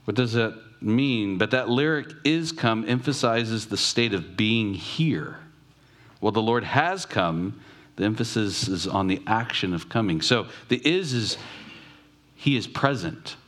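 A man preaching a sermon, reflective, asking questions aloud and slowing down to stress key words. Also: lowish voice, fairly bright tone. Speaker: pastor.

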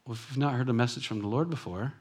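A man's voice: medium pitch, racing, darkish tone, breathy edge. Conversational male pastor preaching. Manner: conversational, reflective, with personal asides. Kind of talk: sermon.

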